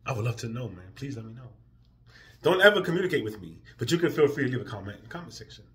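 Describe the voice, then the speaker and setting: A man ranting emotionally in a profane vlog, drifting from quiet, weary talk to loud, heated outbursts. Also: mid-range voice, sing-song, racing. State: emotional, near tears. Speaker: vlogger.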